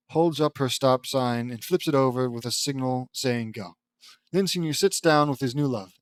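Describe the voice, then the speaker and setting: A man's voice: medium pitch, no echo. A man reading a fan-fiction audiobook aloud in a casual way, breaking off for amused asides to himself. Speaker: audiobook reader.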